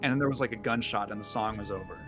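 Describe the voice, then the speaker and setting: A man's voice: lowish voice, racing, music in the background. A man hosting a gaming stream, rambling through a casual story with lots of fillers. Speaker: streamer host. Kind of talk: casual chat while gaming.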